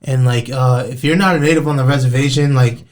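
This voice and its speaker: A young man hosting a podcast, telling stories in a lively, slangy way. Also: medium pitch, fairly quick. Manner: animated storyteller, lively slangy delivery. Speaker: podcast host. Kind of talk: casual conversational interview.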